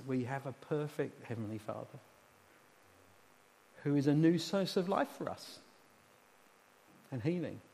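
A man's voice: mid-range voice, expressive, a little slow, gravelly, long pauses, mellow. A man preaching as a pastor, earnestly leading his congregation in call-and-response prayer. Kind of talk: sermon and closing prayer. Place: church hall. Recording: reverberant hall, faint hum.

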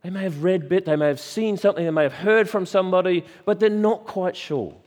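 A man's voice: high voice, a little mellow, big-room sound. A man preaching a sermon in a church, stressing key words and asking repeated rhetorical questions. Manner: emphatic, with dramatic pauses and repeated rhetorical questions.

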